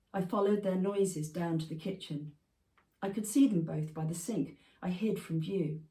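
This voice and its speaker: Author reading, female, measured and expressive; low, dark tone, recorded from a distance in an echoey room. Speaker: prize-winning author reading her own memoir piece. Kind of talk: literary reading. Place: festival venue. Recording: roomy, from a distance.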